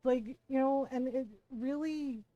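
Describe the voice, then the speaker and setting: A woman's voice: high-pitched, slow, no room sound, lo-fi sound, faint music behind. A woman game streamer chatting casually, telling stories with lots of laughter and swearing. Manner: animated storytelling, swears freely, laughs often.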